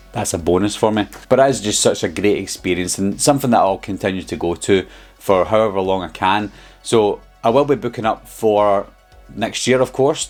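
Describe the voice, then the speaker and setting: A man's voice: lowish voice, darkish tone. A man with a Scottish accent, telling a story in a casual vlog in a chatty, rambling way with lots of ums and uhs. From Scotland. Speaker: horror YouTuber.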